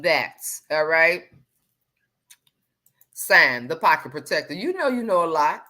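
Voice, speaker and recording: Sassy low-voiced woman with a bright edge. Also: slow pace. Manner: sassy, animated, swings from low muttering to loud exclamations. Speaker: livestream host reading viewer comments. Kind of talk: casual livestream chat.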